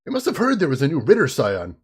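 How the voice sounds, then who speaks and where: A man reading the part of an upbeat, eager young woman assistant from a comic, in an excited and chatty way. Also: a little high, quick pace, slightly rough, full character voice.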